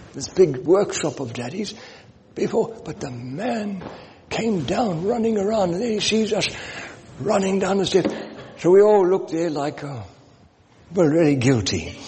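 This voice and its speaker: A man in his seventies preaching a storytelling sermon, reading scripture slowly and with emphasis. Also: a little high, warm tone. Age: 70s. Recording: long reverb, faint noise.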